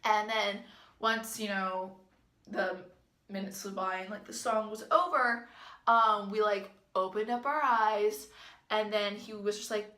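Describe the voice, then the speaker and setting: A woman's voice: medium pitch, steady tone, measured pace, pushed and bright. Chatty woman in an echoey room. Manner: chatty, filler-heavy, amused. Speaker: vlogger. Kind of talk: casual storytime vlog.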